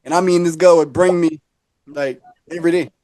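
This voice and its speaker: A man's voice: fairly high pitch, a little fast, dry recording, clean studio sound. A man hosting a podcast, telling a long story in casual chat, acting out other people's voices and laughing often. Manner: animated, acts out quoted voices, laughs often. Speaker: podcast host.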